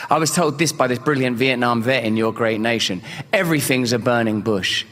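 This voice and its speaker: A man's voice: medium pitch, brisk, few pauses, fairly bright tone, in a large hall. A man giving a fervent, preacherly testimony in ornate language. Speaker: guest. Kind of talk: earnest spiritual testimony.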